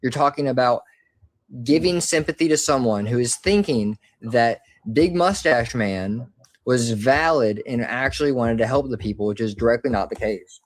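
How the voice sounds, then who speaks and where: A man's voice: mid-range voice, moderate pace. Argumentative man in voice chat. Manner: rambling, argumentative. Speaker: chat participant. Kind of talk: casual political argument.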